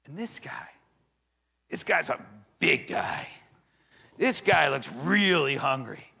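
A man preaching a sermon, retelling a story in a casual, animated storytelling way. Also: fairly high pitch, slow, creaky, breathy edge. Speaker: pastor.

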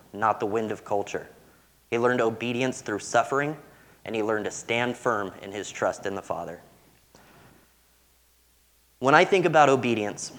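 A young man preaching a sermon, earnest and warm-humored as he tells stories. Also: medium pitch.

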